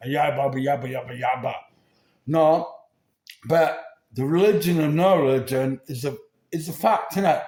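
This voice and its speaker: Older english guy rambling slow and sweary, keeps going yeah?, roomy echo. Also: mid-range voice, darkish tone. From England. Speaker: vlogger. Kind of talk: rambling monologue to camera. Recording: echoey room.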